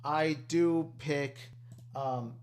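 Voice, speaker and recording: Earnest, slightly high-voiced male co-host. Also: extremely slow, smooth. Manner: earnest, enthusiastic, repeats himself. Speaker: podcast co-host. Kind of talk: casual chat.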